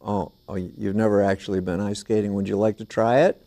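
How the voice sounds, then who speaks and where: A man hosting a children's TV show in a small studio, singing and chatting playfully and gently with young viewers and a puppet duck. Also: on the low side, level tone, fairly quick. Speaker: children's TV host.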